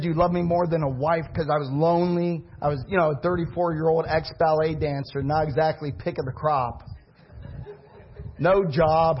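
A man preaching a sermon as pastor, alternating impassioned preaching with quiet personal storytelling. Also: on the high side, breathy edge, muffled recording.

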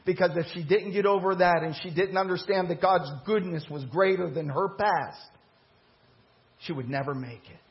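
Man preaching in a lo-fi recording. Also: on the high side. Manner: preaching with rising emphasis and dramatized quotes. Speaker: pastor. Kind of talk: sermon. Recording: muffled lo-fi church recording.

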